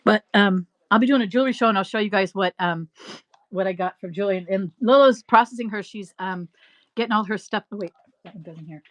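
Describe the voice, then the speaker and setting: A middle-aged woman hosting a live resale stream, rambling through animated stories and laughing often. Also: medium pitch, fairly quick. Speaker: live-stream reseller host. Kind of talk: chatty live-selling stream.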